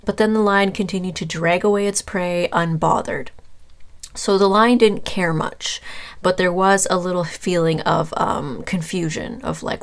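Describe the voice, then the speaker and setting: A woman with a somewhat low voice gives a casual tarot reading and speaks directly to her viewer. She rambles in a loose, conversational way and often stops with fillers to hunt for the right word. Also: fairly even intonation, a little slow, vocal fry. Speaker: tarot reader.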